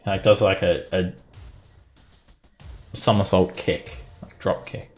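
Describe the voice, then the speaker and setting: A man narrating as game master of a tabletop game, laughing often and filling pauses with "uh" and "like". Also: low-pitched, level tone, soft background music. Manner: laughs often while narrating, many fillers.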